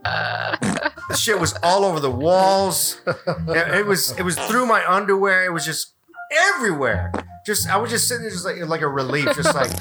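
A man hosting a podcast, telling a rude hospital story in casual, profane talk and acting out his own yelling. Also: high-pitched, huge pitch swings, normal speed. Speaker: podcast host. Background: music.

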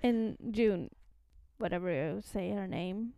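A woman's voice: mid-range voice, slow, vocal fry, mellow, no echo, dull audio. A woman co-hosting a podcast, chatting casually about a comic series with plenty of fillers and small laughs. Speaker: podcast co-host.

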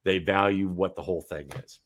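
A man's voice: low voice, fairly even intonation, brisk. A talkative man chatting as a podcast guest, rambling with many restarts. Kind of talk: casual podcast conversation.

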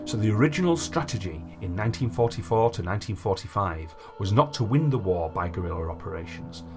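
A man's voice: on the low side, animated, fast, music in the background. A man hosting a podcast, reading history notes aloud and then chatting loosely with fillers. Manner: reads long passages, then chats with fillers like "like" and "you know". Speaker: podcast host. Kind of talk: reading history notes between casual chat.

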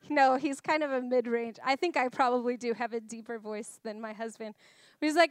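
A guest preacher in her thirties gives a conversational, chatty sermon that is self-deprecating and packed with personal stories and laughter. Her voice is on the high side and fairly quick, with a clean tone. The studio-quality recording has no room sound.

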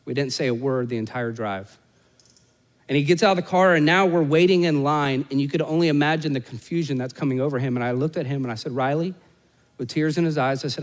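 Animated preacher man telling a story. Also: a little high, quick pace, in a large hall. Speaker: pastor. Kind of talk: sermon.

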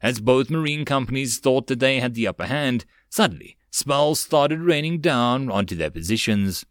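Male audiobook narrator, steady storytelling, dry close recording. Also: mid-range voice, normal speed, no room sound. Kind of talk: web novel audiobook reading.

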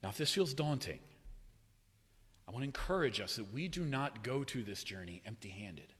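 A man preaching a sermon in a church, swinging between loud, raised cries and hushed, low passages. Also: animated, moderate pace, husky. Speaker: pastor. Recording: long hall reverb.

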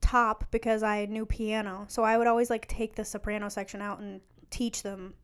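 A woman chatting casually, self-deprecating and quick to laugh, talking about singing in choirs. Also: medium pitch, level tone, clear, resonant tone. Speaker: singer in choirs. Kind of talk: casual chat.

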